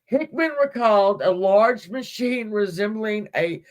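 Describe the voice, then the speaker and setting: A woman's voice: mid-range voice, lively intonation, measured pace. A woman hosting a livestream, casually retelling a story and giggling as she reads. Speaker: livestream host.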